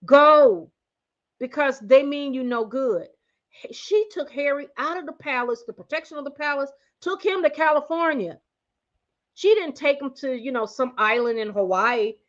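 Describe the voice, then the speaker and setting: A woman hosting a casual commentary livestream, excitable and blunt, talking directly to her viewers. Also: high-pitched, muffled recording. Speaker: host.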